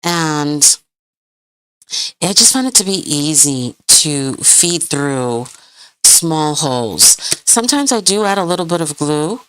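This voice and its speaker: A woman's voice: deep voice, fairly bright tone, smooth, no room sound. A woman hosting a live craft tutorial, chatting with viewers as she works, rambling and hunting for words. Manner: chatty, rambling, hunts for words, laughs often. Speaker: crafting channel host.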